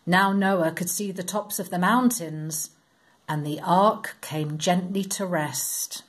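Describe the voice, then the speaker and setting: Slow, expressive woman reading to children. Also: fairly low pitch, husky. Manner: slow, expressive, sing-song storytelling. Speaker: children's Bible story reader. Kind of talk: reading a children's story aloud.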